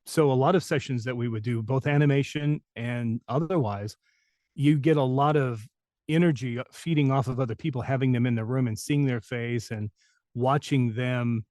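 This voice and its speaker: A man's voice: mid-range voice, moderate pace, a little mellow, no room sound, studio quality. A man who works as a voice actor, telling long anecdotes in an interview with many fillers and restarts. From New Mexico. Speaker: voice actor guest. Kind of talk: interview storytelling.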